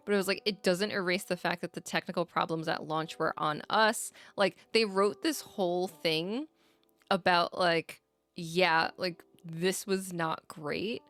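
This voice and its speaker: Animated Puerto Rican woman, swearing freely. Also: on the low side. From Puerto Rico. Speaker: podcast co-host. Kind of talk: casual chat.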